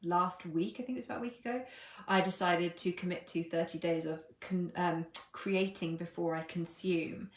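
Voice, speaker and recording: A woman with a somewhat low voice hosts a casual live stream as a coach, playful and irreverent, laughing at herself and swearing freely. Her voice carries a noticeable echo from the room around her. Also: fairly even intonation, normal speed. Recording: echoey room.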